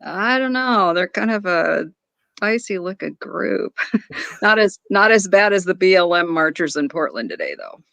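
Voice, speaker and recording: A man joining a livestream as a guest through his laptop mic, wry and quick to laugh. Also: high-pitched, sing-song, creaky, pushed and bright, dry recording. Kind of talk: casual livestream chat.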